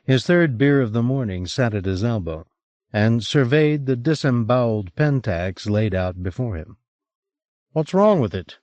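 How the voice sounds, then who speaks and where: A man's voice: lively intonation, moderate pace, a little mellow, no room sound, lo-fi sound. A man narrating a novel as an audiobook reader, recorded on an old cassette. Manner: voices each character with raised pitch. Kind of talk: audiobook reading.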